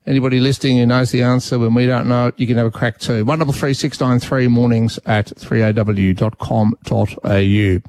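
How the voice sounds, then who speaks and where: A man's voice: medium pitch, steady tone, a little fast, few pauses, a little mellow, no echo. An Australian man hosting a talkback radio show, chatting casually with callers and thinking aloud with frequent restarts. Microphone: studio mic.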